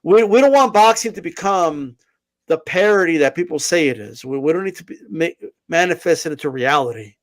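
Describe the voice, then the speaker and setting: Podcast co-host, male, high voice, heated rant with restarts. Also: lively intonation, fairly quick. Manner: fired up, profane, many restarts. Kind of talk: heated casual boxing talk.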